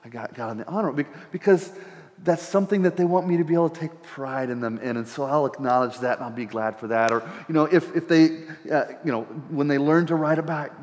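Middle-aged male pastor, slightly high voice, chatty sermon delivery with stumbles and repeats, echoing church hall. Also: a little fast. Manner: conversational, repeats words while thinking aloud. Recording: church hall with long reverb.

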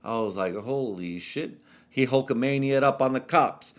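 A man's voice: medium pitch, moderate pace. Young man, podcast host, tipsy, rambling, profane, loose casual storytelling. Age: young adult. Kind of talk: casual chat.

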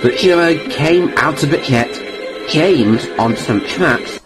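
A man narrating a children's story in a slow, plain storytelling manner. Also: fairly high pitch, expressive. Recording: music playing underneath.

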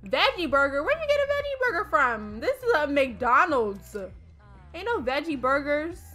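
A young woman streamer talks her viewers through a life-sim game in loose, slangy, freely profane chatter. Her voice sits high and sounds bright and sharp on a desk mic. Soft game music plays faintly underneath. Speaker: gaming streamer. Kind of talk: casual let's-play commentary. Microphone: desk mic, no face cam.

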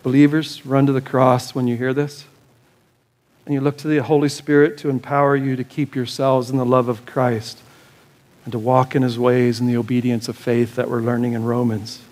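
A man's voice: mid-range voice, little pitch movement, normal speed, darkish tone. A male pastor preaching a sermon in an urgent, pleading way, repeating short commands. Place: church service.

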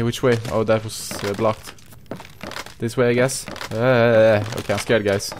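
A man's voice: mid-range voice, takes it slowly, pauses often, music in the background. A young man commentating a horror game, jumpy and swearing often as he talks to his viewers. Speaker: gaming YouTuber. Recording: noisy home recording.

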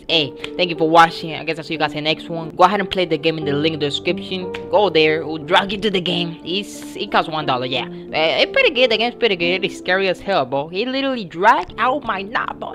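A young woman commenting on a horror game as she plays it, excitable and casually swearing, often yelling at what happens on screen. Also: on the low side, quick pace, few pauses, over music. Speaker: gamer, channel host. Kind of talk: let's play commentary.

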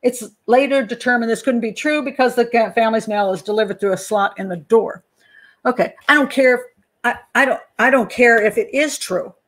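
A woman hosting a true-crime channel, analysing a case in a casual, animated way, pausing to check her notes and acting out people's reactions. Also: on the high side. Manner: animated, talks to herself while checking notes, acts out panicked parents. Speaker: criminal profiler and channel host.

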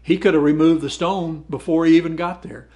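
A man's voice: on the high side, steady tone, brisk, mellow. A man teaching a Bible study lesson, reading verses aloud and explaining them in a conversational way, often repeating words as he goes. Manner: reads verses aloud then comments.

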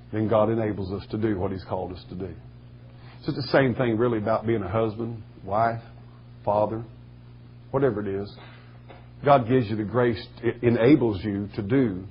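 A man preaching a sermon in a folksy storytelling way, with a husky voice. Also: medium pitch, dull audio, a little hiss or hum. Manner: folksy storytelling, rising to shouting bursts. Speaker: pastor.

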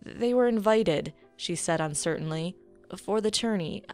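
A woman's voice: mid-range voice, measured pace, a little mellow, faint music behind, lightly acted. A woman playing a blunt stable-hand woman. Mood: matter-of-fact.

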